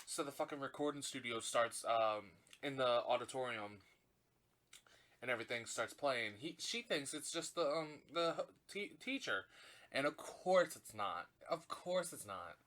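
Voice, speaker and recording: A man hosting a podcast, recapping a film in casual chat, swearing constantly and gushing or fuming as he retells the plot with fillers and quick self-corrections. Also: mid-range voice, animated, fairly bright tone. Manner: profane, gushing and indignant, heavy swearing. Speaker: podcast host.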